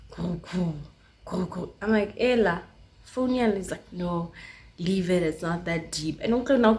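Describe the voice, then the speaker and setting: Chatty South African woman telling a story. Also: on the low side. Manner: chatty, lots of filler words, switches into Sesotho mid-sentence; animated storytelling with sound effects. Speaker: YouTuber. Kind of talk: casual storytime vlog.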